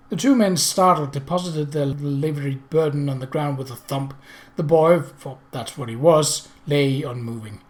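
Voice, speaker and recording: A man reading a mystery novel aloud, with measured storytelling narration. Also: a little high.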